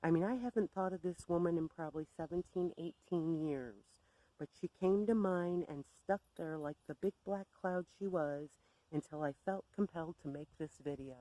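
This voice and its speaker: A woman's voice: on the low side, normal speed, mellow, dry recording, rough recording. A woman telling a story to camera in a sardonic, exasperated rant. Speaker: vlogger.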